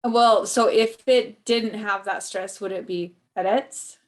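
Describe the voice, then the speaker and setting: A woman's voice: mid-range voice, steady tone, unhurried. A woman student in a class, apologetically asking the teacher to clarify a point.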